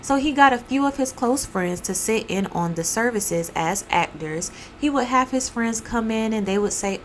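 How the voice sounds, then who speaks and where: Woman host, casual animated storytelling, playful character voices, faint background noise. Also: a little high, moderate pace, hardly any pauses, poor audio. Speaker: podcast host.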